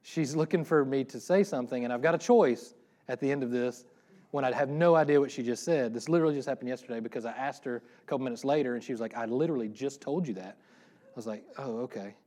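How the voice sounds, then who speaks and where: A middle-aged man preaches a relaxed, conversational sermon. He talks fast and breaks off into self-deprecating jokes before getting back on track. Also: medium pitch. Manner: fast-talking, self-deprecating, joking asides. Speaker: pastor.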